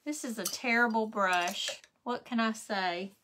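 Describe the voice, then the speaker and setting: A woman's voice: on the high side, measured pace, sharp tone, a little hiss or hum. A woman hosting a craft livestream, chatting casually while she paints and thanking viewers by name.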